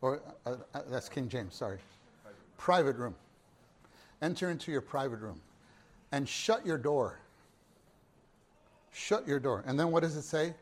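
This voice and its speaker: Dramatic preacher man, hushed to booming. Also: normal speed, pauses often. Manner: swings from hushed murmurs to loud exclamations; repeats phrases and asks the listeners questions. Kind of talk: sermon.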